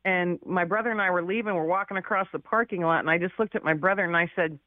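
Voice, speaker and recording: A woman's voice: lowish voice, quick pace, dry recording, phone-quality sound. A woman guest author telling a personal story in a chatty, casual way, laughing often and using many fillers.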